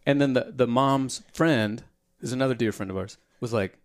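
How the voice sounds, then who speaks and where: A man's voice: mid-range voice, a little fast, few pauses, no room sound, clean studio sound. A man co-hosting a podcast, telling an awkward story and acting out what people said. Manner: animated storyteller acting out quotes. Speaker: podcast co-host. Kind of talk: casual chat.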